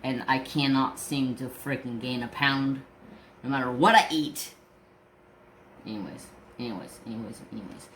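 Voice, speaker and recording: A craft channel host chatting casually, telling a profane story and acting out everyone's lines. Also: male voice, mid-range voice, moderate pace, long pauses, slight background noise. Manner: profane, animated storytelling that acts out voices. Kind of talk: casual chat.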